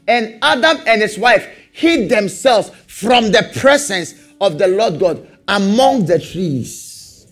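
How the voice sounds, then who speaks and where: A man preaching a sermon, animated, repeating rhetorical questions and laughing often. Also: high-pitched, takes it slowly.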